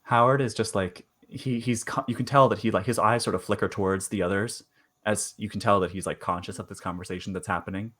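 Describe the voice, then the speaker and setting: A man running a tabletop horror game as game master, narrating in a halting way with many fillers. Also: lowish voice, steady tone, fairly bright tone.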